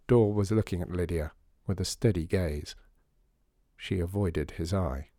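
A man narrating a children's story in a calm, measured way. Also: sits low, dry recording, studio quality. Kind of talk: audiobook narration.

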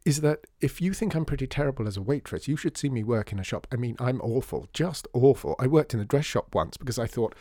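A man's voice: medium pitch, animated, fast talker, hardly any pauses, mellow, no echo, studio quality, pitched above the performer's own voice, natural voice. A man voicing a chatty, scatterbrained young woman who studies fashion, rambling and gushing in a storybook reading.

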